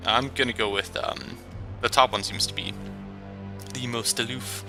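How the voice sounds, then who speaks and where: A man's voice: medium pitch, fairly even intonation, moderate pace, long pauses, over music. A man casually commenting and reading aloud while playing a game, often stumbling over names and joking at his own expense. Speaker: let's play gamer.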